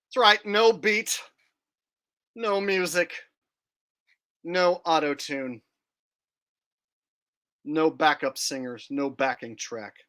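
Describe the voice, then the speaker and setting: A man's voice: fairly high pitch, takes it slowly, long pauses, fairly bright tone. A man hosting a casual livestream, joking brashly with viewers and cursing freely. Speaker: livestream host.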